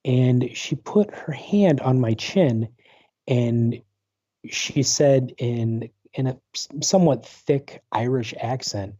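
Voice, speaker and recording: A man in his forties, a paranormal researcher guesting on a talk show, speaks slowly in a warm, medium-pitched voice. He rambles through a personal story in a casual interview, restarting often and filling gaps with fillers. The dry recording comes through as dull, lo-fi video call audio.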